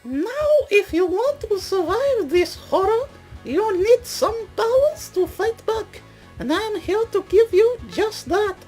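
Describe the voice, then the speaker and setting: A gamer voicing a high-pitched male fairy with a mock Russian accent, grand and theatrical. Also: lively intonation, slow pace, a little mellow, faint music behind, heavily acted, poor audio. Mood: grandiose.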